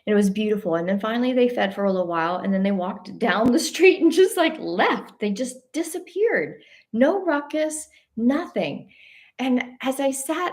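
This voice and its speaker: Animated woman telling a story at home. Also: fairly high pitch, normal speed. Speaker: host of a spiritual talk show. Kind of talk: casual storytelling monologue. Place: at home on a couch by a window.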